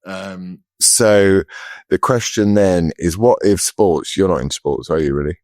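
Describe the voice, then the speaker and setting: A man's voice: low voice, measured pace, a little mellow, dry recording, clean studio sound. A man co-hosting a podcast, chatting casually in a rambling, jokey way with little mock voices. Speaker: podcast co-host. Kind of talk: casual chat.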